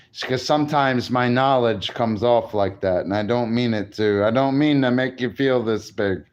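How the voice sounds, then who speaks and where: A man's voice: mid-range voice, lo-fi sound. Crude, boastful man rambling to camera. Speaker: vlogger. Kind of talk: casual rambling monologue.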